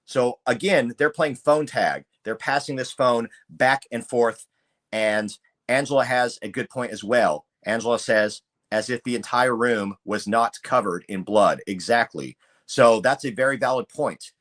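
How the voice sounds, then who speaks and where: A man's voice: mid-range voice, measured pace. A man hosting a live true-crime show, talking steadily and going through a call transcript. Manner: steady, reads transcript aloud. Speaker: show host.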